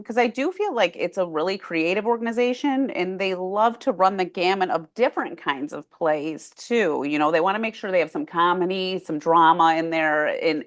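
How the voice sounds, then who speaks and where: A woman from Michigan's Lower Peninsula hosting an interview, asking friendly, curious questions. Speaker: interviewer, host.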